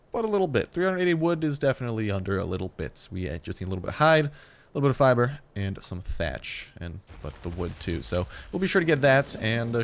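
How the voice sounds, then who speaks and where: A man's voice: on the low side, a little hiss or hum. A young man giving upbeat, chatty gameplay commentary as a gaming YouTuber, talking to the animals on screen.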